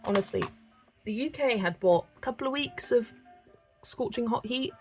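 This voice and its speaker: A woman's voice: fairly high pitch, moderate pace, over music. A woman hosting a colouring livestream, chatting casually and thinking aloud as she picks colours. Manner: chatty, thinking aloud, reads chat messages. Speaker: livestream host. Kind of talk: casual chat while colouring.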